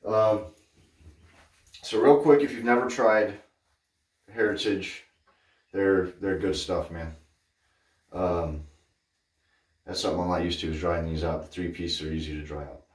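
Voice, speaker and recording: Casting note: low-pitched male vlogger, chatty and digressive, recorded from a distance in an echoey bathroom. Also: unhurried, long pauses. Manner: chatty, digressive, animated when telling stories. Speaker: wet shaving channel host. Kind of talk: casual rambling chat. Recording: roomy sound from off-mic.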